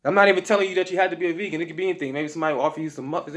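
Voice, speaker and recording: Dude w/ aave hyping diet tips, kinda high voice, slangy, keeps sayin okay. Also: male voice, fairly even intonation, racing, hardly any pauses, fairly bright tone. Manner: emphatic, slangy, repeats "okay?" to check in. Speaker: health vlogger. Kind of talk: casual motivational talk to camera.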